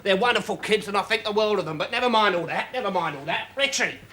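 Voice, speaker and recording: Seedy, drawling showbiz agent. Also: male voice, high voice, animated, fast talker, pushed and bright. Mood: fussing. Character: seedy, unflappable male showbiz agent, middle-aged. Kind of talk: sitcom acting. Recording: studio audience laughter, background hiss.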